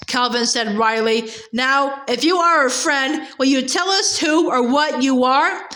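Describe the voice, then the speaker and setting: A woman reads a novel aloud in a high voice. She stumbles and restarts on words now and then and lifts her pitch for the dialogue. The room around her is echoey. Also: unhurried, hardly any pauses, sharp tone. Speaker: reader.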